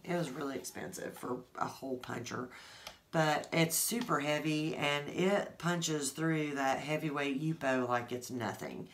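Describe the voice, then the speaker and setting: A woman's voice: deep voice, slight background noise. A woman hosting her art channel, chatting casually to viewers with many fillers and restarts. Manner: rambling, warm-hearted, many fillers. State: teary, choked up.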